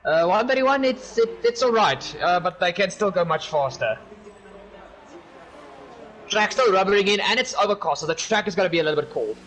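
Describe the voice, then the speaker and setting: Young man, high-pitched, casual race commentary, chatty, giggly, faint hiss behind. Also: expressive, fairly quick, fairly bright tone. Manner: chatty, giggly, apologetic asides. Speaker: sim racing commentator.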